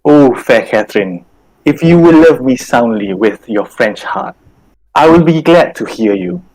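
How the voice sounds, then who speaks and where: A man's voice: mid-range voice, animated, measured pace, a little mellow, rough recording. A man voicing an English king courting a French princess, reading the scene plainly over a video call. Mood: earnest. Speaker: workshop participant. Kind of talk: reading a Shakespeare scene aloud.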